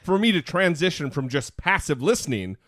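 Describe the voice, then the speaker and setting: A man co-hosting a casual podcast, with a lively, swinging delivery and quick asides. He pokes fun at himself as he talks. The recording is dry and close, with no room sound. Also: a little high, dry recording. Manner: animated, self-mocking, quick asides. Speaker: podcast co-host.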